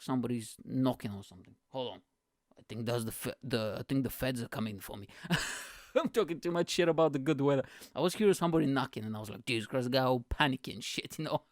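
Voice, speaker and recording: A man's voice: mid-range voice, no echo, studio quality. Sweary man rambling through a comedy monologue. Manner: rambling, sweary, animated storytelling. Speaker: podcast host.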